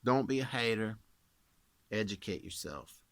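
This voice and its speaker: A man's voice: lowish voice, lively intonation, a little slow, no echo. A man talking in a casual, rambling vlog, jokey and full of fillers. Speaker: vlogger and singer.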